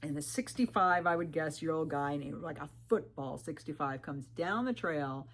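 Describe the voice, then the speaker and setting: A woman's voice: low-pitched, normal speed. A woman thru-hiker telling a story to camera. She talks candidly and emphatically, warning viewers, and acts out what people said with "I'm like". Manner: animated, retells talk with 'I'm like' quotes. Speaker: thru-hiker video creator.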